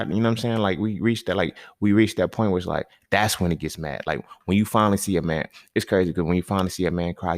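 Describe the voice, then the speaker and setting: A man hosting a podcast, talking in a loose, slangy, conversational monologue that keeps checking in with the listener, with sudden animated bursts and chuckles. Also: low-pitched, dry recording, clean studio sound. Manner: loose, conversational, slangy, often asks "you feel me". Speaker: podcast host. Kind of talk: casual monologue.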